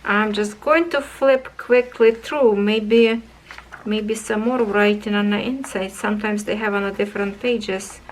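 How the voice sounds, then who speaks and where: Slow-talking enthusiastic woman crafter. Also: mid-range voice, fairly even intonation, a little hiss or hum, low-quality recording. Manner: slow, enthusiastic, talks to viewers as friends. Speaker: craft channel host. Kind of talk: casual unboxing review.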